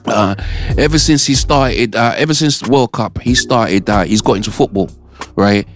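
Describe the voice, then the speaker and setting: A man's voice: mid-range voice, moderate pace, faint music behind. A British man hosting a radio show, chatting casually with listeners and often checking in with "all right?". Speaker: radio host.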